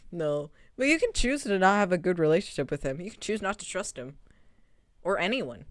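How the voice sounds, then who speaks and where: A young woman streamer casually recapping a game, rambling and animated, swearing freely and laughing often. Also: mid-range voice, fairly quick, dry recording, clean studio sound.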